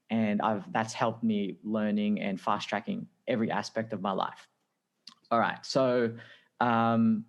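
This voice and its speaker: Australian male guest, relaxed storyteller, lowish pitch, slips into voices for quotes. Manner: chatty, acts out quoted dialogue. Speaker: guest, design director. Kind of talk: casual storytelling.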